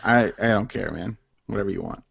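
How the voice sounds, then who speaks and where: A man co-hosting a casual podcast, deadpan and offhand. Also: on the low side, brisk, creaky, breathy edge. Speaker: podcast co-host. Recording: dull lo-fi remote audio.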